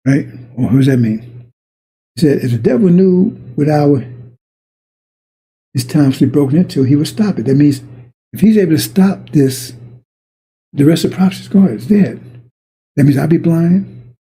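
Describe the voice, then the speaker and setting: Male preacher, gravelly and dark, colloquial sermon style. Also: on the high side, lively intonation, moderate pace, pauses often, low-quality recording. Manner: colloquial, repetitive preaching with acted-out dialogue.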